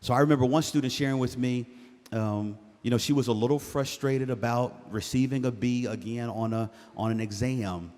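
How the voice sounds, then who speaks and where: A man speaking to incoming students' parents at a university event, animated and joking, asking the crowd to answer back. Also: medium pitch, normal speed. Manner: animated, jokey, calls for audience response. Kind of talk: live presentation to parents. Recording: hall reverb.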